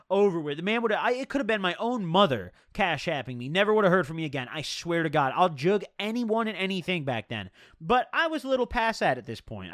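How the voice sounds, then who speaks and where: A man's voice: high-pitched, a bit bright, no room sound, studio quality. A young man telling a rambling, profane storytime tale in slangy, casual talk.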